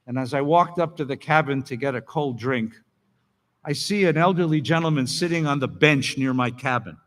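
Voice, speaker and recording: A man's voice: medium pitch, normal speed, a bit bright. A male rabbi telling a story in a sermon and leading his congregation in a synagogue sanctuary, with a long echo around him. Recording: long reverb of a large hall.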